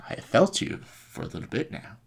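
A man voicing a wise older male warrior-monk teacher, quoted quickly in a casual retelling. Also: close to an everyday voice. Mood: calm. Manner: quick offhand quoting.

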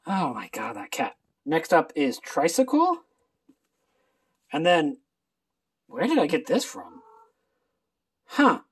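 A book video creator with a husky, mid-range voice chats casually through a reading list, animated and full of quick asides.

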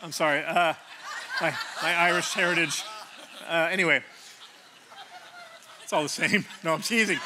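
A man's voice: fairly high pitch, normal speed, long pauses, crowd noise, background noise. A man around sixty preaching a conversational sermon from a church stage, joking and self-deprecating, often restarting his sentences. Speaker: pastor.

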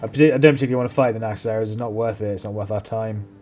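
A man commentating his own strategy gameplay, swearing freely and getting loud when the fight turns. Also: fairly low pitch, rapid-fire, soft background music. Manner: excitable, swears a lot, mocks enemies. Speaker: let's play host.

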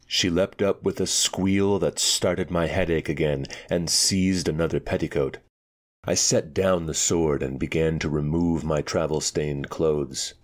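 A man narrating a dark fantasy story in a calm, measured storytelling voice. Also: very deep voice. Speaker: audiobook narrator. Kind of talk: scripted narration.

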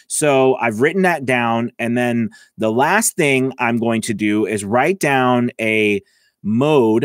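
Man, casual voice-over coach, close mic, dry sound, mid pitch, chatty. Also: dry recording. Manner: chatty, lots of "all right" and "okay" fillers. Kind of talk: casual tutorial talk. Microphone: close mic, about six inches away.

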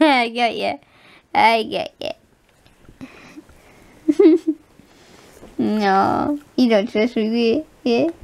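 A young woman with a high voice talks casually in a home vlog. She coos at her pet, giggles often, and slips into frightened asides. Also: extremely slow, vocal fry, long pauses, a little mellow. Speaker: vlogger.

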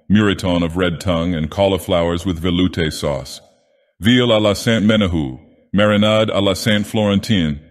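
A man voicing an ancient godlike male villain who narrates a storybook tale with a slow, grand, theatrical delivery. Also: sits low, lightly acted. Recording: long cavernous reverb.

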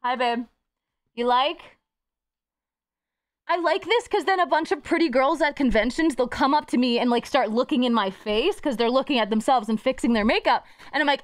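A young woman streaming live, chatting casually with her chat, playful and profane. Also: high-pitched. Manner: playful, swearing, quick jumps between topics.

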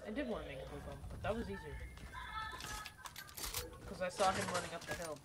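A woman playing a game with a friend, animated, swearing freely and laughing often. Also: lowish voice, brisk, noisy background. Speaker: gaming co-player. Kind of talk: casual gaming chat.

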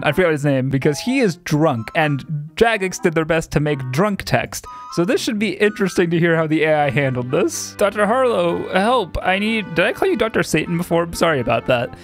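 Hyper youtuber guy reacting to a game, giggly and loud, little music underneath. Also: a little high, moderate pace. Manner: hyper, excitable, laughing often. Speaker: gaming YouTuber. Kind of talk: reaction commentary.

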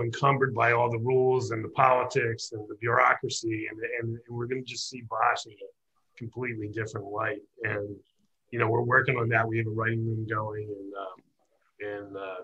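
A man's voice: medium pitch, flat delivery, moderate pace, bright, forceful tone, husky, rough recording. A man explaining matter-of-factly in casual chat on a video call. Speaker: novelist, guest.

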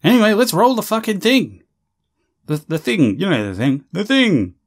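A man giving loud, sarcastic, swear-filled reaction commentary on a video. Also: sits high, huge pitch swings, moderate pace. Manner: brash, sarcastic, swears constantly.

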